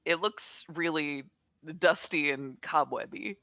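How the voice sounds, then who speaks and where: Slow, gravelly player thinking aloud. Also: medium pitch, sharp tone, dry recording, highs cut off. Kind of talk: casual tabletop play.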